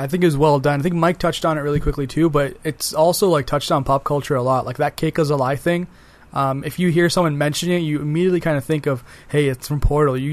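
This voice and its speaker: A man co-hosting a casual podcast, speaking eagerly about games and repeating words as he thinks. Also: on the high side. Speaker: podcast co-host. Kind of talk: casual game discussion.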